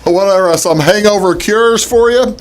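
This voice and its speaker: A man hosting a casual talk show, chatting in a halting way with many fillers and restarts. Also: high-pitched. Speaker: host. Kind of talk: casual radio-style talk show chat.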